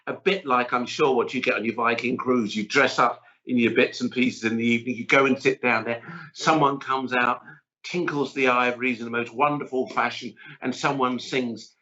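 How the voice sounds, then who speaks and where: Middle-aged male chef guest, lively and chatty storyteller; bright tone over dull audio. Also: mid-range voice, moderate pace. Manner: chatty, animated, rambling storyteller. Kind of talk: casual interview chat.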